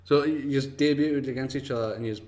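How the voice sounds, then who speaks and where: A male podcast host, asking casual interview questions haltingly with frequent fillers. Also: mid-range voice, steady tone, a little mellow.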